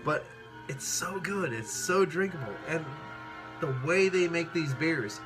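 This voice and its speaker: A man tasting and reviewing beer in a casual vlog, excitable and rambling, swearing freely and a bit tipsy after several beers. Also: fairly high pitch, unhurried. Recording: music playing clearly behind the voice.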